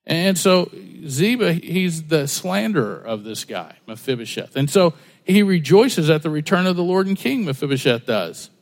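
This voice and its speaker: A man's voice: a little high, sing-song, moderate pace, few pauses. A man preaching a conversational sermon, folksy and full of stories and rhetorical questions. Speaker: pastor.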